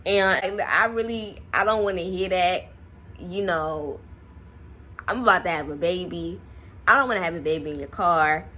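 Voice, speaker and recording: A young woman vlogger casually telling a personal story to camera, animated and laughing often. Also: on the low side, normal speed, slight background noise. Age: young adult.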